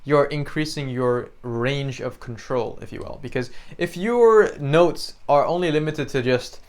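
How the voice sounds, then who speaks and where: A young man talks through a beginner piano lesson in a relaxed, conversational way. His voice is smooth and clear at a middle pitch. He keeps checking in with the listener as he explains. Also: measured pace. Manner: chatty, explains with many "right?" and "you know", sings examples. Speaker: piano teacher. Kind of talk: casual spoken lesson.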